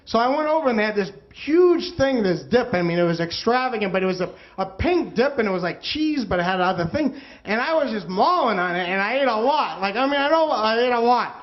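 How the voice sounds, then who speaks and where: A man in his thirties from the United States telling a personal story in an animated way, acting out the voices of the people in it. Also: high-pitched, fairly quick, highs cut off. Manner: animated, acts out quoted voices. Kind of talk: storytelling monologue.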